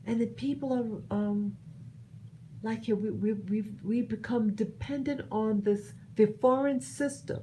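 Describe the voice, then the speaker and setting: A woman from the United States giving her personal commentary, earnest and halting, often restarting her sentences. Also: fairly high pitch, steady tone, warm tone, a little hiss or hum, poor audio. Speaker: vlogger sharing opinions.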